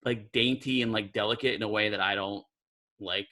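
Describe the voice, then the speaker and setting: A man's voice: lowish voice, fairly even intonation, normal speed, bright, forceful tone. A man from New Jersey, co-hosting a podcast, telling a long rambling story full of "like" fillers. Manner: rambling, many "like" fillers, acts out quoted voices. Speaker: podcast co-host. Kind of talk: casual chat, storytelling.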